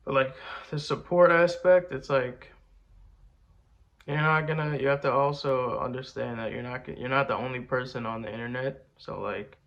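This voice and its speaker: A man's voice: mid-range voice, fairly even intonation, normal speed, creaky, fairly bright tone, highs cut off. A young man chatting casually, rambling and boastful, full of slang like bro and man. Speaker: rapper answering fan questions. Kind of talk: casual chat.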